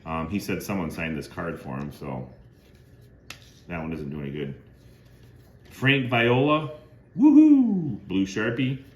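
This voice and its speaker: A man's voice: low-pitched, animated, a little slow, pauses often. A middle-aged man who collects cards, hosting a casual show-and-tell video. He reads items off one by one in a plain, conversational way. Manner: lists items plainly, bursts into loud woohoo cheers. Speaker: card collector and channel host. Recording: echoey room with faint ambient noise.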